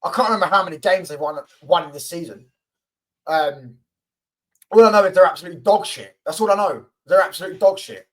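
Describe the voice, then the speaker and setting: A man's voice: high voice, fairly quick, low-quality recording. A man hosting a football fan channel, ranting angrily and repetitively with lots of swearing. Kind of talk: angry fan rant to camera.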